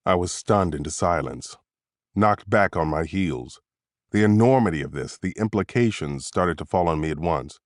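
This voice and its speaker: A man narrating a thriller audiobook in the first person, with steady, tense storytelling. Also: sits low, normal speed, dry recording, studio quality.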